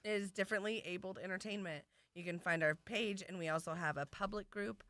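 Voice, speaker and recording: A woman's voice: mid-range voice, steady tone, fairly quick, fairly bright tone, dry recording. A woman talking about her theater company in an eager, rambling way, often restarting sentences. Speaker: theater organizer and actor. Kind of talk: casual interview chat.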